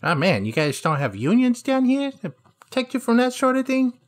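A man playing in a tabletop role-play, joking and firing off questions. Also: very high-pitched. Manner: joking, animated, rapid questions. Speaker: player.

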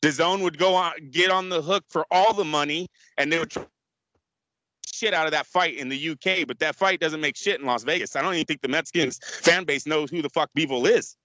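A man's voice: a little high, brisk, pushed and bright, no echo. A man co-hosting a casual sports radio chat, blunt and profane. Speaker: co-host.

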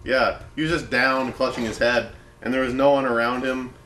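Relaxed man chatting in a roomy space. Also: medium pitch, normal speed, a little hiss or hum. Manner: relaxed, laughs along, adds short remarks. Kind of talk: casual chat.

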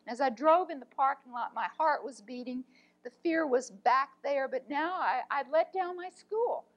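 A woman, an art teacher, telling a personal story in an earnest, heartfelt way, often speaking softly. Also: sits high, moderate pace, highs cut off.

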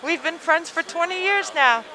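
A woman speaks earnestly as a proud family friend. Her voice is high-pitched and bright. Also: moderate pace, poor audio. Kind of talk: casual interview. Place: airport arrivals area.

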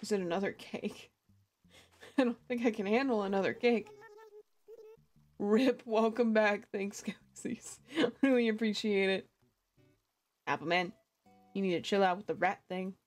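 A woman's voice: mid-range voice, unhurried, pauses often, a little mellow, faint music behind. A woman streamer chatting casually and giggling often as she plays a cozy life-sim game and greets her chat. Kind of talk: casual gaming livestream chat.

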